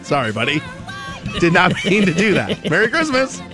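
High-voiced joking radio host man. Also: very animated, normal speed, music in the background. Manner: joking, rambling storyteller. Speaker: radio morning show host. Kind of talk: casual radio banter.

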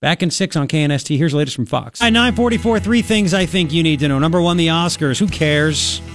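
A man's voice: a little high, fast, fairly bright tone, soft background music. A man hosting a talk radio show, sarcastic and jokey, with lots of fillers and restarts, into a studio microphone. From Long Island, New York. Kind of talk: opinionated talk radio monologue.

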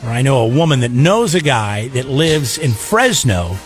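A man's voice: medium pitch, moderate pace, faint music behind. A man co-hosting a morning radio show, bantering casually and jumping into comic voices. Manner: animated, breaks into comic put-on voices. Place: radio studio. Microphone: studio microphone.

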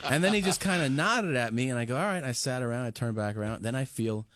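A man, a comedian guest on a talk show, telling a story animatedly in a quick flow of quoted dialogue. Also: medium pitch, a crowd in the background.

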